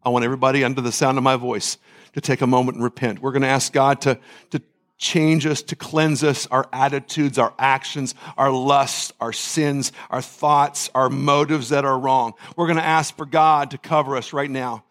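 A man's voice: medium pitch, little pitch movement, normal speed, fairly bright tone. A man pastor preaching a communion sermon, leading the congregation in repeated phrases and fervent prayer. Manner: preaching with call-and-response and repetition, fervent prayer.

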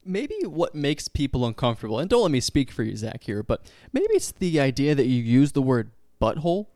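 A man's voice: mid-range voice, very animated, brisk, darkish tone, dry recording, clean studio sound. A young man co-hosting a casual podcast, bantering playfully. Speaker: podcast co-host. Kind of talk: casual chat.

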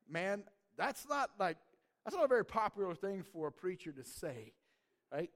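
Brief: animated, conversational male pastor with a high voice. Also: normal speed, in a large hall. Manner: animated, joking, conversational, repeats "right?". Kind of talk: sermon.

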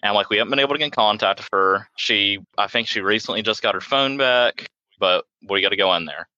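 A man's voice: lowish voice, fast talker, bright, forceful tone, no echo, lo-fi sound. A man, co-hosting a podcast and telling rambling, self-mocking stories full of fillers. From South Carolina. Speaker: podcast co-host. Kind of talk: casual storytelling chat.

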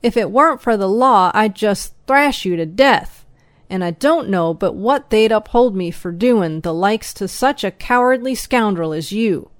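A woman voicing a squeaky, furious old man who chews tobacco and blusters as he shouts. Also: lively intonation, unhurried, few pauses, dry recording, studio quality, natural voice. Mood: raging.

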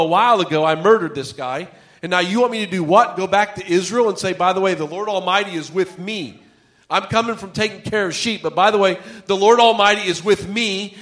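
A man's voice: high-pitched, fairly bright tone, voice pushed up. A man voicing Moses as a reluctant, exasperated shepherd, pleading and incredulous as he argues with God.

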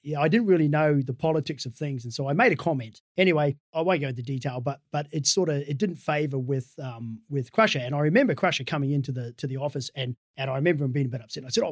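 A man's voice: medium pitch, dry recording, clean studio sound. An Australian man, a sports team's head of performance, telling rambling stories in a casual interview and laughing at his own tales.

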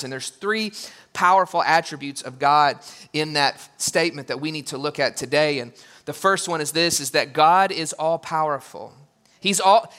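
Man, sermon, bright forceful tone, fairly high voice, animated, acts out quotes. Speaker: pastor.

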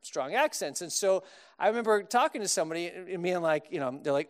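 A man's voice: high voice, expressive, fairly quick. A man from Texas preaching a sermon, casual and humorous, acting out little dialogues with comic voices. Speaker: pastor.

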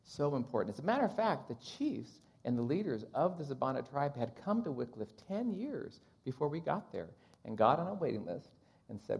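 A man's voice: mid-range voice, a little fast, vocal fry, breathy edge. A man, a Bible translator, telling stories in a church missions talk and acting out the people he quotes. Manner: animated storyteller acting out quotes.

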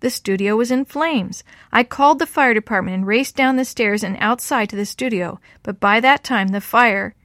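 Woman reader playing a kindly, wistful old lady; gentle and slow, dry close sound. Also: fairly high pitch, no echo, lightly acted. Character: lonely elderly woman, kind and wistful. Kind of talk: audiobook character reading.

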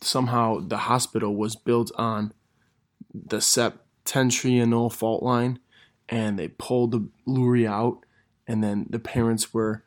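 A young man, a gym teacher, telling funny stories in a casual monologue, laughing through them and correcting himself as he goes. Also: mid-range voice. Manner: laughs through his stories, animated, quick self-corrections.

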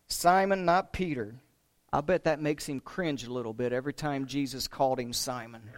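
A man preaching a sermon, retelling a story with emphatic rises and hushed drops. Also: mid-range voice, normal speed. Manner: emphatic, dramatic retelling with rising and falling intensity.

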